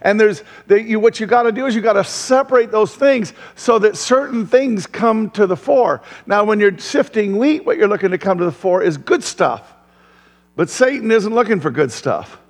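A male pastor preaching a sermon in a church, lively, throwing questions to the crowd and chuckling often. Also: high-pitched, normal speed, big-room sound.

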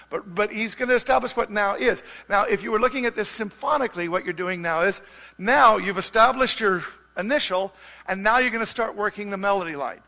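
A man preaching in a church with a high, bright voice. He talks to the congregation in a loose, conversational way. He stays animated and now and then sings out a musical phrase. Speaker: pastor. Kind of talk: sermon.

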